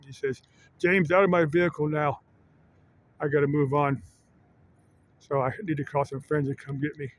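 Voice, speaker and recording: A man vlogging in a casual, rambling monologue that halts often on filler pauses. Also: mid-range voice. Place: Arizona.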